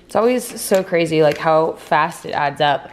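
A young woman chatting casually to her camera in a vlog, slangy and quick with asides. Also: low voice, lively intonation, background noise. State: out of breath after a workout. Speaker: vlogger.

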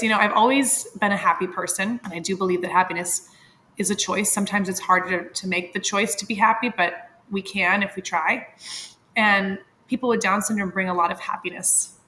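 A woman's voice: mid-range voice, brisk, bright, forceful tone. A woman in her thirties, a podcast guest, telling a personal story candidly and with feeling, laughing often and using many fillers.

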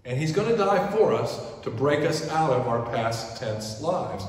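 A man preaching a sermon as pastor, shifting from loud quoted pleas to hushed asides. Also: on the high side, animated, measured pace. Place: large church sanctuary. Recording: echoey church from far off.

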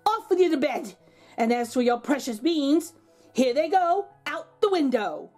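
An exasperated widowed mother from a storybook scolds her foolish son, her voice pitched high and indignant, as a woman reading aloud puts her on. The tone swings widely as she rails at him. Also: very animated, unhurried, darkish tone, soft background music. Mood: scolding.

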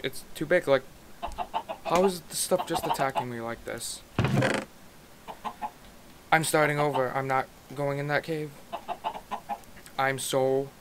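A man giving casual let's-play commentary on his game, grumbling and exasperated as he plays. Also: medium pitch. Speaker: gaming YouTuber. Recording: loud background noise.

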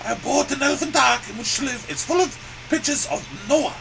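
A man's voice: extremely high pitch, fairly quick, gravelly, music in the background, rough recording. A man voicing a crude, boastful, grumpy male elephant puppet that cries "ooh" and rants with profanity. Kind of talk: puppet comedy sketch.

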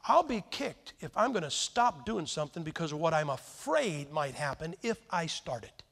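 An American man preaching a sermon, telling stories with lively emphasis and sudden swings between loud and quiet. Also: fairly high pitch, normal speed, vocal fry. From United States. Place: church hall with a crowd. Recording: long reverb from a large hall.

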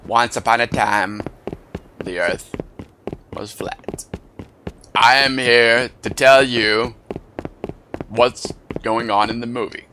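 A man doing a slow, deep impression of a grave older movie narrator. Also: fairly even intonation, noisy background, close to an everyday voice. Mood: mock grave. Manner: slow, deep, measured storytelling.

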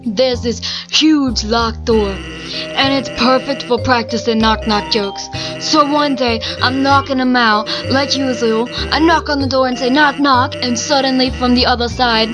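Lazy joking skeleton guy read by a woman, drawling and easygoing, fairly high voice. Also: measured pace, over music, lightly acted. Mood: laid-back. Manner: laid-back, drawling, joking. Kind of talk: reading game dialogue aloud.

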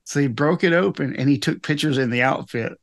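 Male host with a mid-range voice, chatty and relaxed. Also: medium pitch, a little fast, vocal fry. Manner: chatty, laughs while telling a story. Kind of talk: casual interview chat.

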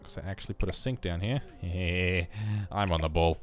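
Over quiet background music, this young gameplay commentator speaks in a low voice at an ordinary pace. His let's-play of a life-sim game is relaxed and chatty: he talks to his characters and makes fun of himself along the way.

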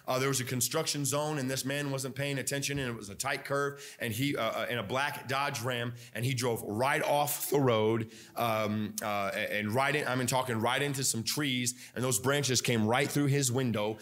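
In a church sanctuary, a young male pastor preaches a sermon full of fillers, restarting often. His medium-pitched voice is steady and a bit bright, moving at a moderate pace with few pauses.

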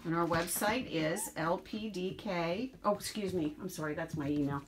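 Showing her puppies in a casual vlog, this breeder speaks in a fairly low voice at a moderate pace, now and then switching to baby talk for the dogs. Background noise runs underneath.

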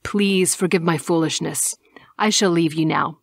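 Female narrator as a formal, predatory vampire gentleman for an audiobook, slow and soft, gravelly low tone. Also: no room sound, clean studio sound. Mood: courtly. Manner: archaic formal speech, soft and measured. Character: dark, courtly male vampire stranger, old-fashioned and predatory. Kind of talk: audiobook character voice.

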